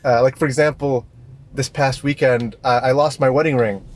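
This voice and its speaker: A man's voice: mid-range voice, steady tone, moderate pace, slight background noise. Easygoing young man chatting in a car. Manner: easygoing, chuckles, restarts a lot. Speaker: co-host. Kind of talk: casual chat.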